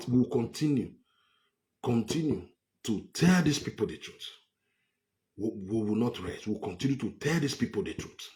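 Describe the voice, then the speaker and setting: A man's voice: on the low side, darkish tone. A man with a Nigerian English accent giving a heated political monologue, repeating himself for emphasis. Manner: repetitive, emphatic, scornful. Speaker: political commentator.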